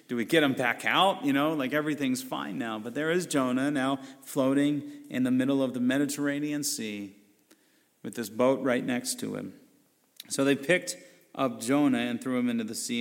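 A man's voice: mid-range voice, in a large hall. A pastor preaching a sermon in an earnest, conversational way, often restarting his phrases.

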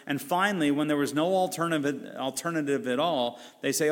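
A man's voice: fairly high pitch, fairly quick, few pauses, in a large hall. A pastor preaching a sermon in an earnest, conversational way, often restarting his phrases.

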